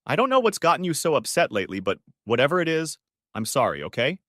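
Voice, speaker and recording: A man's voice: on the high side, big pitch swings, fast talker, fairly bright tone, no room sound, voice pushed up. Man doing an evasive wife, sugary and hiding things, voice bouncing up and down, dry and close. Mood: sweetly evasive. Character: evasive adult wife, sweetly false.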